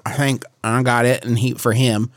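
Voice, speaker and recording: A man playing a shifty, smooth-talking mercenary who rambles and slips into a conspiratorial hush. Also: mid-range voice, little pitch movement, normal speed, no echo, clean studio sound, lightly acted. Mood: sly.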